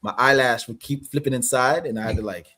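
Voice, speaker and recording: A man's voice: medium pitch, brisk, bright, forceful tone. A man with a Canadian accent, an actor guest chatting loosely with lots of fillers. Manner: loose, rambling, many fillers. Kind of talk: casual interview chat.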